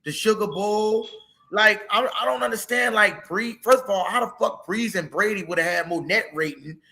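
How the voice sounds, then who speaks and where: A man's voice: high-pitched, moderate pace, sharp tone. A man ranting heatedly about football in a casual sports talk, profane and emotional. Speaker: co-host.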